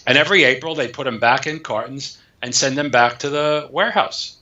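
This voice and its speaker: Bright-voiced man telling a story. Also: medium pitch, fairly quick. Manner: animated storyteller acting out dialogue. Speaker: author guest. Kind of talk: storytelling interview. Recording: echoey, dull lo-fi sound.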